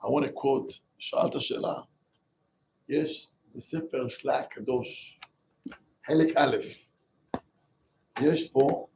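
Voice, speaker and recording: A rabbi teaching an informal Torah class, switching between Hebrew and English in an animated way. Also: medium pitch, creaky, highs cut off, a little hiss or hum. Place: small synagogue class with people present.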